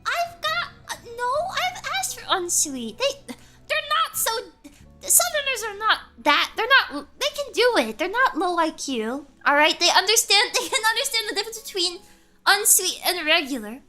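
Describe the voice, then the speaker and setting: A young woman streamer with a squeaky voice, chatting casually and telling a rambling story, giggling and correcting herself often. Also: very animated, moderate pace, bright, forceful tone, soft background music.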